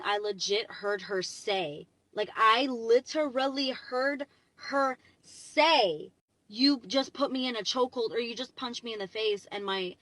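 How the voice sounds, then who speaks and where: A woman's voice: mid-range voice, dry recording, rough recording. Chatty young woman rambling in her car. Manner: chatty, rambling, heavy "like" fillers, excitable. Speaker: vlogger. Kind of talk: casual storytime vlog.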